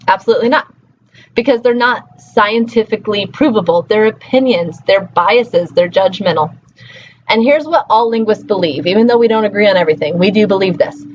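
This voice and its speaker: A woman gives a relaxed linguistics lecture, checking in with her students through frequent tag questions. The recording is a bit dull, with a faint hum of room noise behind her voice. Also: mid-range voice, fairly quick. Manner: conversational, frequent "okay" and "right" tag questions. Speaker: linguistics instructor.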